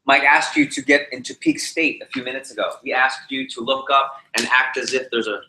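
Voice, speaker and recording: A man training a live audience in public speaking, animated and shifting his speed and pitch to demonstrate his points. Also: brisk. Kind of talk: energetic presentation to a live group. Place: meeting room with a live audience. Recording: roomy echoey hall.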